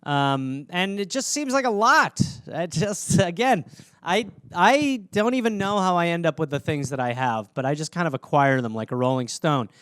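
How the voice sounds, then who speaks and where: High, smooth-voiced man rambling casually. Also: lively intonation, a bit bright, no echo, clean studio sound. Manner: rambling, joking, does quick squeaky voices for pets. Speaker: podcast host. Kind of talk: casual solo podcast chat.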